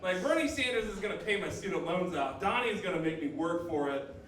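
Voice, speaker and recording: A man's voice: sits high, expressive, brisk, a crowd in the background. A young man doing a stand-up comedy set in a small coffeehouse, rambling and self-mocking, laughing at his own jokes. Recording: echoey room, mic far off.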